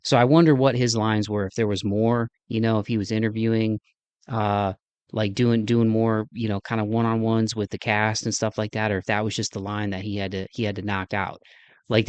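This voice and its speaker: A Midwestern man wraps up his podcast in a loose, rambling, enthusiastic solo chat, poking fun at himself as he goes. His voice sits fairly low. The recording is dry and close. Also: no echo. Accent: Midwestern American. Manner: rambling, enthusiastic, self-deprecating. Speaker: podcast host. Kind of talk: casual solo podcast outro.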